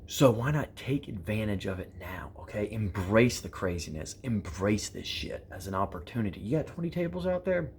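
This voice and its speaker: A man in his thirties telling motivational stories to his viewers, animated and profane, acting out the people in his stories. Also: lowish voice, normal speed, hardly any pauses, slight background noise. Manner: animated, acts out quoted exchanges, profane, repeats phrases for emphasis. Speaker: prepper vlogger. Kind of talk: motivational storytelling to camera.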